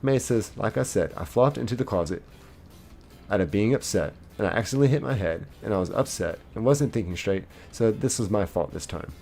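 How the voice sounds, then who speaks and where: Low-voiced man reading out stream chat. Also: lively intonation, brisk, gravelly, a little mellow. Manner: reads chat messages aloud and answers them playfully. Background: faint game music.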